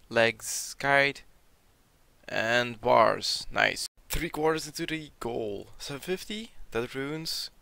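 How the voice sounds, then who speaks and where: A young man who is sick, commenting casually over his gameplay, reading out loot drops and swearing when he gets excited. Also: mid-range voice, gravelly, clear, resonant tone, dry recording. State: sick, sounding a bit off. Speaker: gaming video creator.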